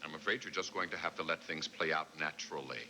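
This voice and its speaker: An actor playing a dry, stern heavenly overseer who talks in a deadpan way, from a noisy taped TV broadcast. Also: male voice, very deep voice, quick pace. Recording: noisy VHS tape of a TV broadcast.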